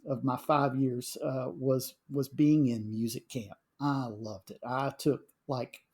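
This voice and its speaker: A middle-aged man, a high school band director, telling animated stories in casual conversation, full of fillers and restarts. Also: slow.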